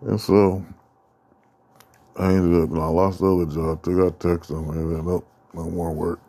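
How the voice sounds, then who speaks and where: A man's voice: sits low, flat delivery, normal speed, warm tone. A man hosting a podcast, ranting casually and profanely in a rambling way. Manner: profane, rambling, acts out quoted exchanges. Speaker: podcast host.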